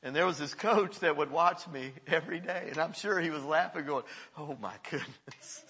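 Bright-voiced male pastor preaching in a hall. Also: a little high, brisk, husky. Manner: earnest, encouraging, laughs often while preaching. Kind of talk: sermon. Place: church service before a congregation. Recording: long hall reverb.

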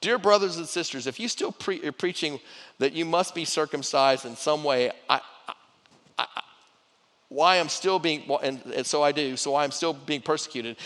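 A man's voice: a little high, moderate pace, a bit bright. A middle-aged man preaching a sermon to his church in a conversational way, repeating words and restarting phrases as he goes. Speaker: pastor. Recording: long hall reverb.

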